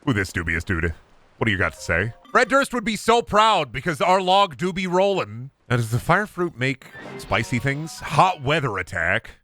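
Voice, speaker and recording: Young man, game streamer, casual commentary, swears a lot, very animated pitch, bright tone. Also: moderate pace, soft background music. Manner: excitable, swears a lot, talks to himself and chat.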